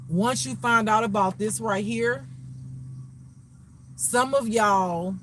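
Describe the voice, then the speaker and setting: A man's voice: high voice, background noise. A man giving a casual spiritual reading, preachy and profane, repeating phrases for emphasis. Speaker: spiritual reader.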